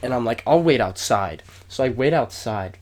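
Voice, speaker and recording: At a normal speed and medium pitch, this young podcast co-host tells a long, rambling story in casual conversation. He swears plenty, and his voice rises whenever he acts out what people said, keeping the retelling lively.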